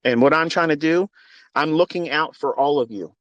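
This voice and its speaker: A middle-aged man speaks into a phone with a fervent, preachy intensity, slipping easy swearing in among talk of faith. His voice sits a little high for a man. The sound is dry and close, with no room around it. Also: moderate pace, a bit bright, no echo, muffled recording. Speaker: trading mentor. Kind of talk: impassioned spoken monologue.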